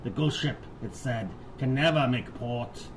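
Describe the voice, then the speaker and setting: Growling male pirate narrator, gruff and low, arr-heavy; a man doing the voice. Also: a little slow, background noise, close to an everyday voice. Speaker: podcast co-host.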